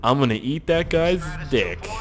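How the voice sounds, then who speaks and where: A man's voice: mid-range voice, big pitch swings, a little slow, a little hiss or hum. Joking, profane young man gaming. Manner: joking, profane, puts on silly voices for characters. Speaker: gaming YouTuber. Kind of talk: let's play commentary.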